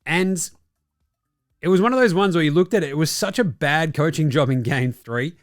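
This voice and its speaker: Faint music plays behind an animated Australian man with a fairly high voice and moderate pace, on a dry, studio-quality recording. Hosting a basketball podcast, he delivers blunt, profane opinions, ranting and imitating others mockingly.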